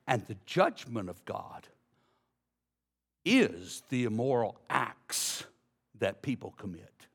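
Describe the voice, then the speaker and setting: A man preaching a sermon, folksy and direct with the congregation, swinging from low, quiet passages to loud emphasis. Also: big pitch swings, takes it slowly, vocal fry, pauses often, slightly rough. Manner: folksy, addresses congregation as y'all. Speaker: pastor.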